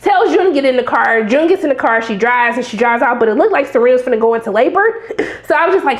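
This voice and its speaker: High-voiced sassy woman recapping a show. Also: fast talker, roomy sound. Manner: animated and sassy, acts out reactions to the characters. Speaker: TV recap reviewer. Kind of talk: casual episode recap.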